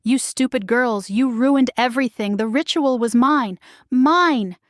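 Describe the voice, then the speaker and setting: A woman's voice: fairly high pitch, unhurried, no echo, clean studio sound, voice pushed up, close to an everyday voice. A woman voicing a male cult leader who shrieks in desperate rage in a storybook romance. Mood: frantic rage. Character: frantic male cult leader losing control.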